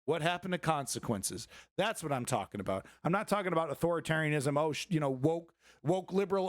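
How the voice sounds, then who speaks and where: A man's voice: on the high side, very animated, fairly quick, no echo, clean studio sound. A man giving heated, profane commentary on news clips, ranting and sarcastic.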